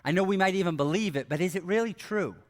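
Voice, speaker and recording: A man's voice: high-pitched, fast talker. A middle-aged man giving a devotional talk as a pastor, earnest and conversational, often dropping to a near whisper. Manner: soft-spoken, dropping to near whisper for scripture; earnest, conversational, rises when animated. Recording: long hall reverb.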